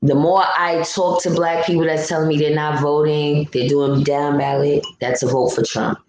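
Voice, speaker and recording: A woman's voice: low voice, flat delivery, normal speed, darkish tone, roomy sound, slight background noise, low-quality recording. A woman hosting a casual livestream, ranting bluntly and reading out chat comments. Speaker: livestream host. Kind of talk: casual live-stream commentary.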